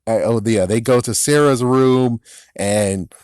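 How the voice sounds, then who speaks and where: A man casually recapping and critiquing a TV episode, rambling with profane asides and quick laughs. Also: medium pitch, darkish tone, clear, resonant tone, no room sound, clean studio sound. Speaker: episode reviewer.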